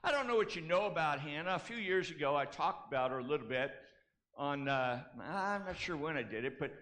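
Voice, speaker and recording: A male pastor with a slightly high, fairly bright voice preaches a sermon, leading his congregation in call-and-response. He repeats key phrases for emphasis and drops in casual asides and self-corrections.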